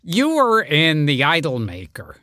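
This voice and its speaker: Bright, slow-talking male host. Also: on the high side, wildly swooping pitch, no room sound, studio quality. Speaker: podcast host. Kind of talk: casual chat.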